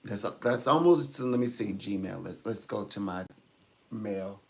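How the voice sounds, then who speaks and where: A man's voice: fairly low pitch, unhurried, creaky. A man working as a psychic reader, chatting casually on a livestream in a rambling way and chuckling often.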